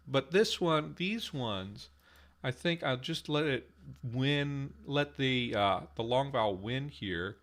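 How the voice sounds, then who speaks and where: A man hosting a language-building stream, slowly thinking aloud and repeating invented word forms over and over to test how they sound. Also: medium pitch, expressive, fairly bright tone. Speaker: conlang show host. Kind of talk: working through examples live on stream.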